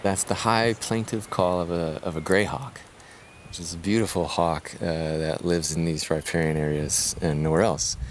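A man's voice: low-pitched, steady tone, normal speed, slight background noise. A man walking a riverbed outdoors, explaining wildlife in a casual, enthusiastic way with fillers. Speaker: wildlife conservationist. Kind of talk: explaining on a field walk.

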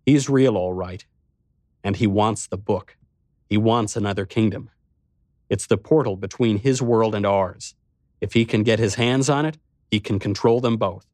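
A man's voice: on the low side, normal speed, darkish tone, no echo, clean studio sound. A man giving a first-person scripted narration in a wry, dramatic storytelling manner.

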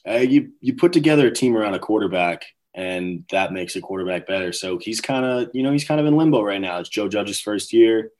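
A man's voice: lowish voice, lively intonation, brisk, few pauses, darkish tone. A young man from New York with a New York accent, a guest in a casual chat, talking in a laid-back, easygoing way. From Brooklyn, New York, US.

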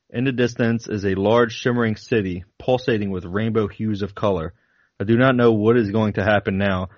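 A low-pitched man reads an old flight log aloud in a dramatic voice, chuckling now and then. The sound is dull and dry, like a simple home setup. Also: no echo. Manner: dramatic reading with laughs breaking in. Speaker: podcast co-host.

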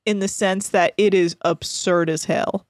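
A woman co-hosting a podcast in an animated, playful chat, often laughing. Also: mid-range voice, unhurried, no echo, clean studio sound. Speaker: podcast co-host and producer. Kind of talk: casual chat.

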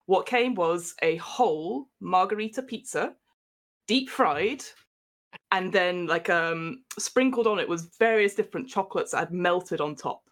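A woman's voice: fairly low pitch, a little slow. A young woman from England on a podcast, telling a story in casual chat and laughing often as she goes. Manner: laughing storyteller, animated retelling. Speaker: podcast guest.

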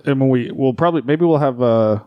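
A man's voice: medium pitch, a little fast, dry recording, dull audio. A man co-hosting a podcast, bantering and laughing in casual chat. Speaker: podcast co-host.

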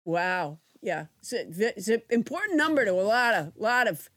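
A woman's voice: medium pitch, big pitch swings, normal speed, fairly bright tone, dry recording, clean studio sound. A woman co-hosting a comedy podcast, playful and rambling. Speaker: podcast co-host.

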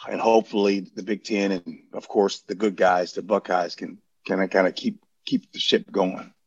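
A man's voice: low voice, steady tone, moderate pace, darkish tone, husky, dry recording, lo-fi sound. A man, a guest on a casual sports podcast, rambling earnestly and restarting his sentences.

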